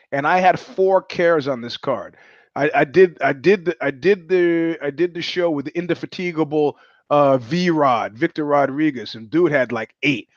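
A man's voice: fairly high pitch, no echo, lo-fi sound. A man hosting a podcast, talking in a rambling, wry, digressive monologue. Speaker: podcast host. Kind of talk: casual monologue commentary.

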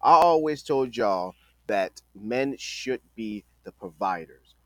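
A man's voice: medium pitch, animated, slow pace, a bit bright, no echo. Emphatic man talking casually, dry sound. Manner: conversational, emphatic, repeats phrases. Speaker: podcast host. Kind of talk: casual opinion monologue.

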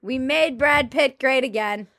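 A woman's voice: sits high, measured pace, no room sound. A woman hosting a podcast in casual chat, joking and laughing often, on a close dry mic. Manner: laughing often, jokey, swings into loud mock squeals. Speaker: podcast host.

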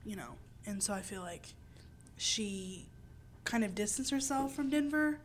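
A woman's voice: medium pitch, lively intonation, unhurried, slight background noise. A young woman co-hosting a casual podcast, ranting animatedly about books and films with exaggerated quoted reactions. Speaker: podcast co-host. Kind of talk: casual chat.

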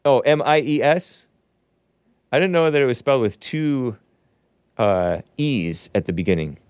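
Sarcastic male commentary host, animated pitch. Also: a little slow, clear, resonant tone, dry recording. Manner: sarcastic, scoffing, reads news aloud with asides. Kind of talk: opinionated commentary show monologue.

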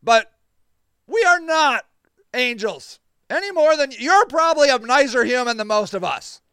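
A man with a high, smooth voice tells a story casually and with a lot of energy. He sounds exasperated, swears freely and laughs now and then. The sound is dry and close, with no room echo. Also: lively intonation, measured pace, pushed and bright. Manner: laughs between lines. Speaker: podcast host.

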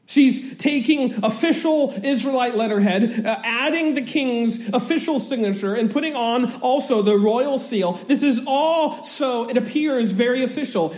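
A man giving a Bible study, reading scripture aloud and explaining it in an animated way, chuckling often. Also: very high-pitched, roomy sound. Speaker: Bible teacher.

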